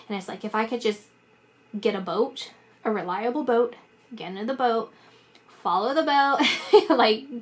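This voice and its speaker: Woman, tarot reader, rambling and emphatic, quick speech, many fillers, slightly high voice. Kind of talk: psychic tarot reading monologue.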